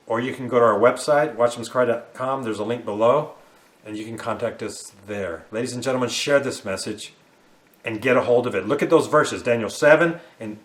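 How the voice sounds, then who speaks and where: A man's voice: mid-range voice, fairly quick. Fiery man preaching an end-times warning. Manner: fiery, emphatic, repetitive.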